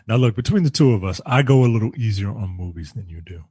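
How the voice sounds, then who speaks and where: Man, blunt casual reviewer, slangy, repeats himself for emphasis, husky voice. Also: lowish voice, animated, fast talker, darkish tone, no room sound. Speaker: podcast movie reviewer. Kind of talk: casual chat.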